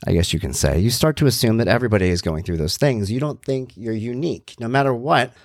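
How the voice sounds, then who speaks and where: A man's voice: mid-range voice, quick pace, no room sound, clean studio sound. A middle-aged man hosting a podcast, talking candidly in a rambling monologue with jokey asides. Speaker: podcast host.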